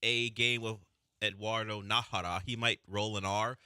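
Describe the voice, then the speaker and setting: A man's voice: on the low side, flat delivery, normal speed, bright, forceful tone, smooth, no echo, clean studio sound. A man co-hosting a sports radio show, teasing and skeptical, correcting his partner. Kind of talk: casual sports talk banter. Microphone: studio mic.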